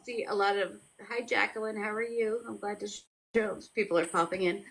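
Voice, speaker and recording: A woman's voice: mid-range voice, fairly even intonation, a little fast, gravelly, low-quality recording. A woman hosting a casual video chat, chatty and encouraging with her guest. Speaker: host.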